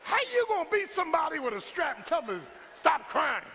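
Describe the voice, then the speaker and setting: Male pastor, bright high voice, call-and-response sermon in a reverberant church hall. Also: sing-song, a little fast, slight background noise. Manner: call-and-response preaching, asks for a witness; builds to shouts, then drops to a hush. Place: church sanctuary. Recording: long reverb from a large hall.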